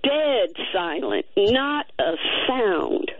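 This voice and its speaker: A woman calling in to a radio show, telling a story with excited, lively delivery. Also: on the high side, very slow. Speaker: caller. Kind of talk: call-in radio chat. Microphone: telephone. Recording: tinny phone line.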